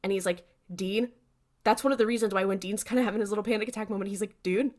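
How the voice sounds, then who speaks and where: A woman with a mid-range voice co-hosts a podcast in easy, casual chat. She laughs often and chimes in with quick agreement. She retells scenes in a loose, friendly way. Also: mid-range voice, steady tone, darkish tone. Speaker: podcast co-host.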